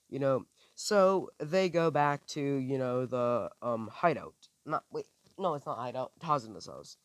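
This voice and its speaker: A man's voice: medium pitch, expressive, a little slow, hardly any pauses, no room sound. Rambling man telling a fan story. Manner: rambling, with many restarts and fillers. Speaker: amateur storyteller. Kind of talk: improvised fan-fiction storytelling.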